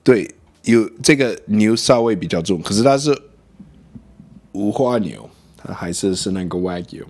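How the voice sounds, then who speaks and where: A man streaming as a vtuber, chatting casually about food and reading chat, switching between English and Mandarin. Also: fairly low pitch.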